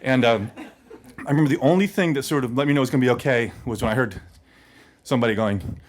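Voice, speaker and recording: A man telling a personal story live to an audience, animated, laughing as he talks and leaning on casual fillers. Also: mid-range voice, quick pace, a little hiss or hum.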